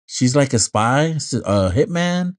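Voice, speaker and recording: A man's voice: mid-range voice, lively intonation, measured pace. A young man co-hosting a podcast, laid-back and teasing, often tacking "man" onto his sentences. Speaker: podcast co-host. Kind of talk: casual chat.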